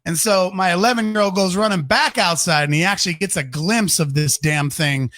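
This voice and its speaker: A man's voice: sits high, fairly quick, a bit bright, dry recording. A middle-aged man co-hosting a podcast, launching into a heated, swear-filled rant and repeating himself for effect. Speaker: podcast co-host. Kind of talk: profane comedic rant. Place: home studio during a live stream.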